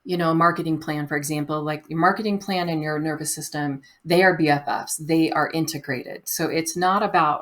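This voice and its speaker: Gentle, reflective woman guest, fairly low voice. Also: fairly quick. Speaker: podcast guest. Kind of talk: conversational interview.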